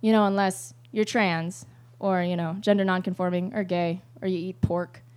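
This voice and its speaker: A woman's voice: lowish voice, steady tone, moderate pace, darkish tone, smooth. A woman telling a rambling, profane comic story at a live show, laughing often as she goes.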